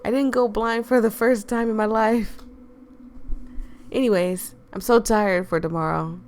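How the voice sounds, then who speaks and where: A woman's voice: fairly even intonation, a little slow. A woman, chatting and laughing as she plays and reads a visual novel aloud. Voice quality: deep natural speaking voice. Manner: chatty, laughs often, reacts loudly. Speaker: game streamer.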